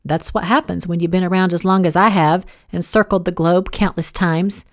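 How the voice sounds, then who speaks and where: A woman voicing a spirited young Southern heroine, quick to irritation, with raised, emphatic questions. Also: on the low side, fairly even intonation, close to an everyday voice. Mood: probing.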